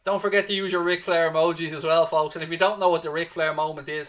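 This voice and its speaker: This Irish fan watchalong host from Dublin gives live match commentary and chat at a quick pace, his bright, forceful voice pitched a bit above most men's and his tone steady. He's animated, curses freely, and keeps telling viewers to keep their spirits up.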